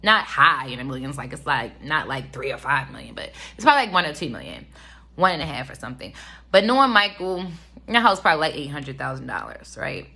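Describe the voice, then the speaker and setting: Woman, 30s, casual show reviewer; bright, chatty, rambling delivery. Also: a bass voice, very animated, fairly quick. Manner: chatty, rambling with many fillers. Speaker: reality TV reviewer. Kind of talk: casual commentary.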